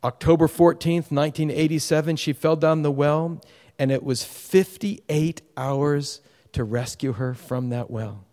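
Middle-aged man preaching, slightly high voice, long hall echo, swings loud to hushed. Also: fairly even intonation, unhurried. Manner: storytelling with sudden shifts between loud urgency and hushed tenderness. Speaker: pastor. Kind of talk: sermon.

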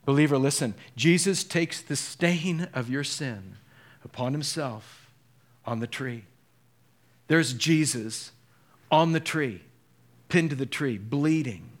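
An earnest male pastor from Southern California delivers a sermon at a mid-range pitch. He talks the listeners through scripture and swells to impassioned peaks. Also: slow, long pauses.

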